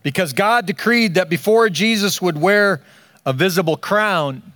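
An older man preaching a sermon, slow and emphatic, with dramatic pauses between phrases. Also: sits high, a bit bright, dry recording, clean studio sound. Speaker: pastor.

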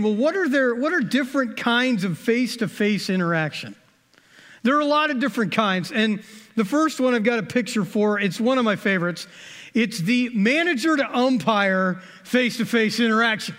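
A man's voice: high voice, fairly bright tone. A middle-aged man giving a sermon, telling folksy, conversational stories and jokes from his own life. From American Midwest. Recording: long hall reverb.

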